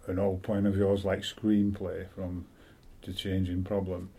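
A man interviewing a poet, speaking in a measured, thoughtful way with hesitant pauses. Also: deep voice, monotone, dark tone. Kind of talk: interview questions.

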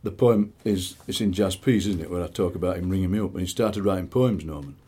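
A middle-aged man with a Barnsley accent, a poet chatting in an interview and reading his poems, lively and fond of doing voices. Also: deep voice, fast talker, breathy edge. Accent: Barnsley, South Yorkshire. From South Yorkshire, England. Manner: animated storyteller, slips into quoted voices. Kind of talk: conversational interview with poetry reading.

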